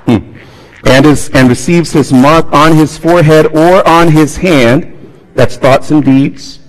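A male pastor preaching a sermon, swinging between loud appeals and hushed, quiet tones. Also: medium pitch. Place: church sanctuary. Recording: long reverb of a large hall.

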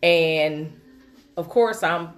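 A woman co-hosting a casual chat, an animated storyteller who laughs often. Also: low voice, extremely slow.

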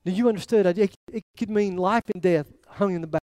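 High-voiced animated male preacher. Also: fast, dry recording. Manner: animated storytelling, voice rising and dropping to near quiet. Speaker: pastor. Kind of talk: sermon.

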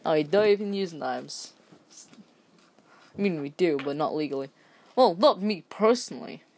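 A woman's voice: on the low side, expressive, normal speed, darkish tone. A woman from England, casually reading an online story aloud and breaking off into rambling, sweary asides and stumbles. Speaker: story reader.

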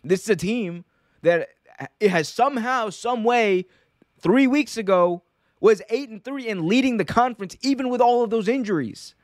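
A young man hosting a casual, opinionated sports commentary show, animated and full of restarts. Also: high-pitched, normal speed, dry recording, clean studio sound.

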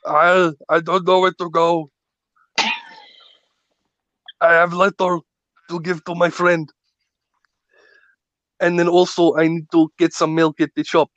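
A man voicing a polite, flustered foreign man who speaks broken English with a put-on Russian accent and halting, apologetic phrasing. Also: fairly high pitch, flat delivery, fairly bright tone, dry recording, dull audio. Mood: confused.

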